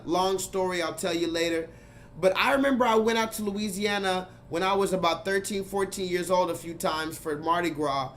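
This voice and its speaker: A man's voice: high-pitched, fairly bright tone, slight background noise. A man hosting a casual livestream, talking emphatically to his chat, repeating himself and swearing freely. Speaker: livestream host.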